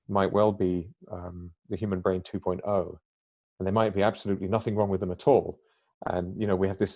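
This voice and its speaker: A man's voice: fairly low pitch, dark tone. A man speaking as a guest on a podcast, explaining his ideas at length in a reflective, conversational way and sometimes acting out quoted remarks.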